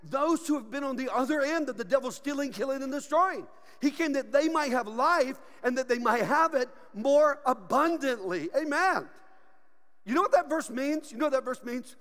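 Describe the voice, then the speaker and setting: A man preaching a sermon as pastor, animated and joking, often laughing. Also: very high-pitched, moderate pace, long reverb tail. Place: church sanctuary.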